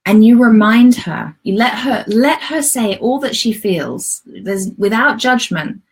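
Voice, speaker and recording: Husky-voiced woman coaching gently. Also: on the high side, animated, a little slow. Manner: gentle, conversational, coaching listeners directly. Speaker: self-love author and coach. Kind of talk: spoken self-help lesson.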